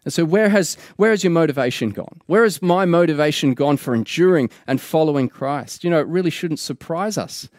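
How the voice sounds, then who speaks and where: A man's voice: a little high, expressive, a little fast, few pauses, a little mellow, no echo, studio quality. A man preaching a sermon in an earnest way, repeating key phrases for emphasis.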